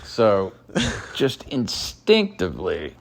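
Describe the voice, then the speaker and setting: A Southern man calls in and spins a slow, drawn-out yarn. His voice is gravelly and his pitch swings up and down a lot as he tells it. There is a faint hiss behind him. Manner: drawn-out, animated storytelling. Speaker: caller telling a story. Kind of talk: casual storytelling.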